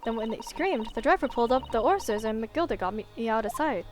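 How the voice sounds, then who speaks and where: A woman's voice: on the high side, animated, brisk, faint music behind, voice pushed down, close to an everyday voice. A woman voicing a brash, slangy young cockney pickpocket girl in a video game. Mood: recounting.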